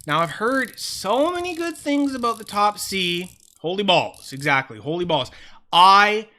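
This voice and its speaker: A man chatting casually on a home livestream into a close, sensitive mic, rambling, excitable and swearing freely. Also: high-pitched, measured pace. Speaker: fidget toy livestreamer.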